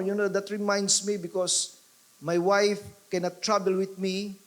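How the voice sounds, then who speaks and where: A man's voice: high-pitched, flat delivery, unhurried. A Filipino man preaching a sermon in church, emphatic and repeating key lines for effect, slipping into Tagalog now and then. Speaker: pastor.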